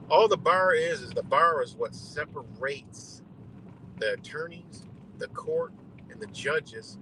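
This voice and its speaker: A man's voice: on the high side, pushed and bright, slight background noise, poor audio. A man hosting a live stream, ranting bluntly and exasperatedly with heavy swearing. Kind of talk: profane ranting commentary.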